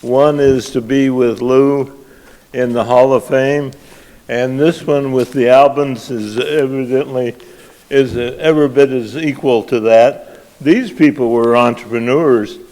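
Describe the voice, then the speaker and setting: A man's voice: medium pitch, fairly even intonation, a little slow, darkish tone. Older guy at a banquet podium, folksy joke-telling, hall reverb rings out behind him. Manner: folksy, self-deprecating storyteller. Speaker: award honoree giving a banquet speech. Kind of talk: after-dinner speech with folksy jokes.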